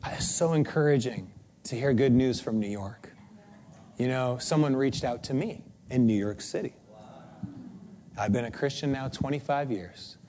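A man preacher voicing a classy eighty-year-old woman who speaks in a soft, near-whispering voice. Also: sits low, animated, normal speed. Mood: soft, gentle. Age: 80s. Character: classy elderly woman of eighty, gentle and grateful.

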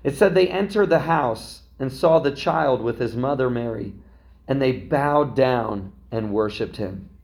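A man's voice: mid-range voice, unhurried, a little mellow. A man preaching a sermon in a conversational way, often checking in with his listeners. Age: young adult to middle-aged, a parent. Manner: conversational preaching, frequent "right?" asides. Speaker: pastor.

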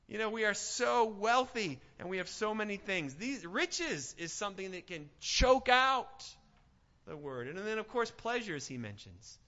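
High, lively, energetic male preacher. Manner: energetic, rhetorical questions, repeats words. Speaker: pastor. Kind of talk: sermon. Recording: echoey hall, dull lo-fi sound.

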